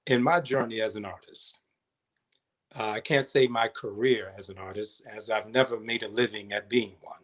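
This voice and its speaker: A man from Baltimore beginning a live story in a measured, reflective way. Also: fairly low pitch, fairly even intonation, fairly bright tone. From Baltimore, Maryland.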